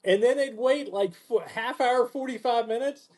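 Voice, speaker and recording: Podcast host, male, high-pitched, animated profane storyteller, casual chat. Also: moderate pace. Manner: animated, profane, acts out quotes in a lower voice.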